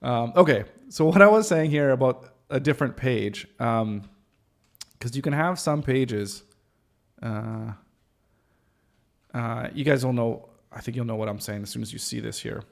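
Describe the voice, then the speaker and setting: Gravelly-voiced Canadian man, rambling chat. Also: mid-range voice, measured pace. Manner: rambling and loose, many fillers, laughs at himself. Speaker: host, web designer. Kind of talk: casual chat while working on screen.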